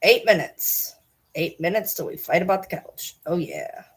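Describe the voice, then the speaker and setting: A woman's voice: on the low side, lively intonation, normal speed, husky. A woman vlogging casually while talking to her cat, chatty and cursing, slipping into cooing baby talk.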